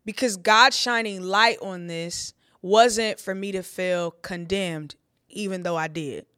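A woman's voice: mid-range voice, slow pace, pushed and bright, dry recording, studio quality. Heartfelt woman sharing her testimony. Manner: conversational, heartfelt, with frequent "like" fillers. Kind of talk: candid personal testimony on a podcast.

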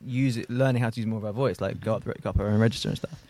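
Brief: man host, very fast, rambling, curious. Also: lowish voice, fairly even intonation, a little mellow. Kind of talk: casual chat.

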